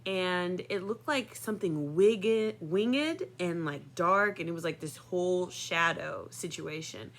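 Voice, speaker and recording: A woman's voice: lowish voice, takes it slowly, few pauses. Chatty woman in her thirties telling a story. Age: 30s. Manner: chatty, filler-heavy, laughing often. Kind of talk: personal storytelling.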